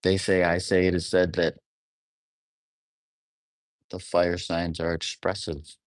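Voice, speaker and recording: Slow, very deep-voiced musing man. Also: flat delivery, no echo. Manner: musing, often rephrasing and trailing off mid-thought; asks the listener reflective questions. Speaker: astrologer. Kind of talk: unscripted solo monologue.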